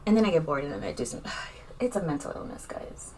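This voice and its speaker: Young woman doing a makeup vlog at home, kinda low voice, rambly and candid, lots of likes and ums, faint hiss. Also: sing-song, fairly quick, darkish tone. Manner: rambling and candid, with many fillers. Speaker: vlogger. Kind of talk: casual makeup vlog chat.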